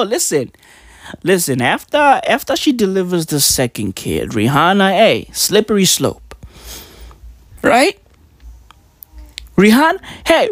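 Animated man, lively pitch. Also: no room sound, clean studio sound. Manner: animated and rambling, with slang and a constant "right?". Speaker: podcast host. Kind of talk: comedic solo podcast monologue.

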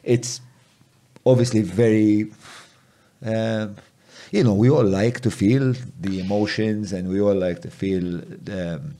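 A man's voice: on the low side, fairly even intonation, takes it slowly, mellow. A man hosting a podcast interview, reflecting back on what his guest says in a reassuring way. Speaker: podcast host. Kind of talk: empathetic interview.

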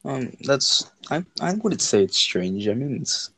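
A teenage boy chatting casually on a remote call, relaxed and a little hesitant. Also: mid-range voice, unhurried, dry recording. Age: teens. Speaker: co-host. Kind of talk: casual chat.

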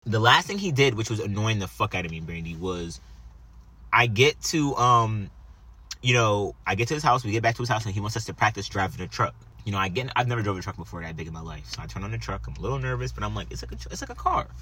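A young man in casual chat, telling a profane, animated story full of quoted dialogue. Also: lowish voice, quick pace, slightly rough.

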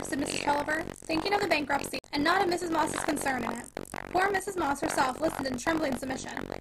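Woman, audiobook narrator, expressive, gravelly edges, steady background hiss. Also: high voice. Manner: expressive, dramatic. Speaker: audiobook reader. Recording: noisy home recording.

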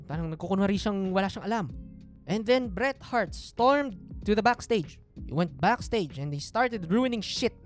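A woman with a Filipino accent hosting a casual storytelling podcast, telling the story in an animated way. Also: medium pitch, normal speed, faint music behind. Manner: animated, code-switching storyteller. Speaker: podcast host.

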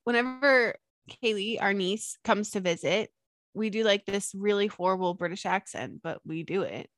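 A woman's voice: mid-range voice, moderate pace, dry recording. A young woman chatting casually on a podcast, bubbly and rambling with lots of fillers. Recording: dry close mic.

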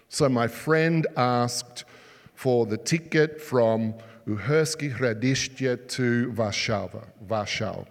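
A medium-pitched man preaches a sermon, telling stories with animated delivery and firing rhetorical questions at the congregation. He's on a sermon mic, having just taken off his mask, and a long reverb fills the hall.

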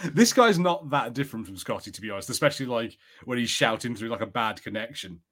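A man co-hosting a podcast in casual chat, easygoing and quick to laugh. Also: medium pitch, expressive, a bit bright. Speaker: podcast co-host.

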